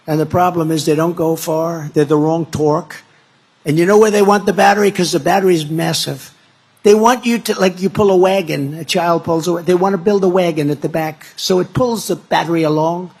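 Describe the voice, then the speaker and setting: A man's voice: a little high, steady tone, brisk, slightly rough. Man giving a rambling campaign speech. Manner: rambling, repetitive, emphatic; builds to loud declarations. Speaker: political speaker at a rally.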